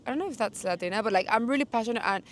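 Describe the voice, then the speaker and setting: A young woman from Mexico, a guest in a casual interview, talking in a lively, passionate way full of "like". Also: fairly high pitch, rapid-fire. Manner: animated, passionate, says "like" a lot. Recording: noisy, without a mic.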